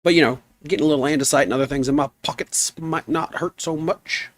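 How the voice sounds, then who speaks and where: A man streaming a game live, chatting in an easygoing, rambling way and reading his chat aloud, with a rough voice. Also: on the high side, steady tone, fast, no echo. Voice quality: rough, gnarly voice.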